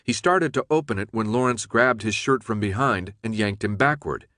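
A man narrating an audiobook chapter in a steady, measured reading. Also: on the low side, no echo, clean studio sound. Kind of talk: scripted narration.

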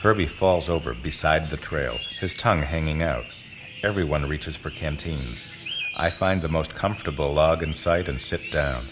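A man's voice: rumbling low, moderate pace, noisy background. A man narrating an audiobook in the first person, telling the story expressively. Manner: expressive storytelling that voices the boys.

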